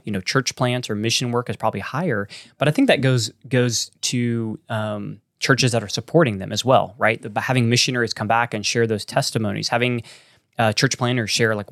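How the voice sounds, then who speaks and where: Earnest Texan pastor, dry close sound. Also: male voice, on the low side, a bit bright, no echo. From Texas. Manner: earnest, rambling with many restarts and fillers. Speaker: church planting pastor. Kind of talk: casual podcast conversation.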